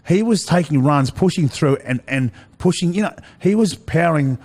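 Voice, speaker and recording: A man's voice: a little high, expressive, a little mellow. An Australian man telling rambling stories as a guest in a casual chat, saying "mate" a lot. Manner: rapid, rambling, says "mate" often. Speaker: interview guest.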